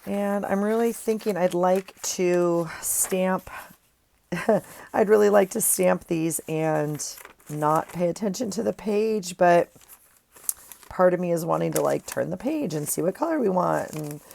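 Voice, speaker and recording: Chatty woman at her craft desk, low gravelly voice, talks to viewers like friends, earphone mic. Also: measured pace, darkish tone, a little hiss or hum. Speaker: craft vlogger. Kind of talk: casual chat while crafting.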